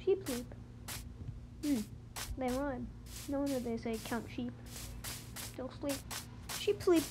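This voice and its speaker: A high-voiced young gamer chatting casually and humming little tunes while playing on a phone. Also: lively intonation, slow pace, noisy background. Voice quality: high-pitched voice. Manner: chatty, rambling, with playful sing-song humming. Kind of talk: casual let's-play commentary.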